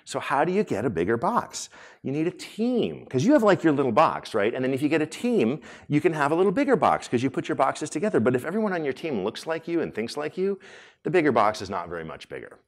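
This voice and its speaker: A man's voice: on the high side, sing-song, quick pace. A man hosting a conference session and giving a conversational talk, with many fillers and restarts, polling the audience. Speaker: conference speaker and room host. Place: conference hall.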